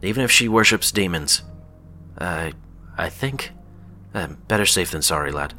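A boisterous, blunt warrior with a hearty way of talking, as a man puts him on. The voice sits deep yet rings bright and forward. Faint music plays under the storybook reading. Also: lively intonation, measured pace, full character voice. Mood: gruff hearty. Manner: hearty, calls people lad.

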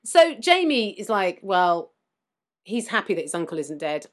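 A woman's voice: mid-range voice, a little slow. A woman co-hosting a casual chat, retelling a story and acting out the characters' lines. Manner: animated, acts out characters' lines while retelling. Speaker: podcast co-host. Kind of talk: casual chat recapping a TV episode.

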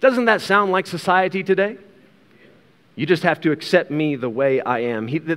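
A man preaching a verse-by-verse Bible sermon, earnest, often checking in with rhetorical questions and repeating words as he goes. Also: medium pitch. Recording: long hall reverb.

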